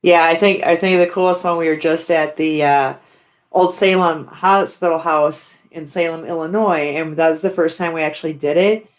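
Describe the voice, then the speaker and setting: Brief: woman guest, low-pitched, chatty storyteller, fillers and restarts, lively retellings. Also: normal speed. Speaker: haunted house owner and paranormal investigator. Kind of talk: casual storytelling interview.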